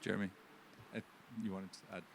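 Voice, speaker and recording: A man's voice: sits low, little pitch movement, fairly quick, creaky, a little hiss or hum. A man moderating a panel discussion, thinking aloud and restarting his sentences as he frames questions. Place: conference hall. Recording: long hall reverb.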